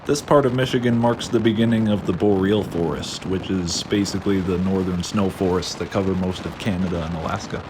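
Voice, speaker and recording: A man's voice: deep voice, a little fast, hardly any pauses. A man talking casually to camera while on a motorcycle trip, rambling and swearing now and then. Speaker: motorcycle travel vlogger. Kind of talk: casual vlog talk to camera. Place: outdoors on the road. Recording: wind noise on an outdoor mic.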